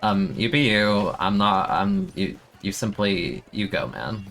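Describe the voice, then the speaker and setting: A young man streaming a game, complaining in an exasperated, self-mocking way, with sudden high-pitched outbursts. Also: animated, unhurried, creaky, fairly bright tone. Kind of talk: casual live-stream commentary.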